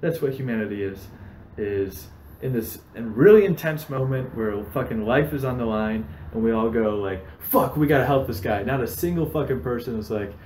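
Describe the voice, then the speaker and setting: A man's voice: mid-range voice, normal speed, roomy sound, slight background noise, poor audio. A man hosting a casual podcast, telling stories with plenty of swearing. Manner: swears a lot, animated storytelling. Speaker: podcast host.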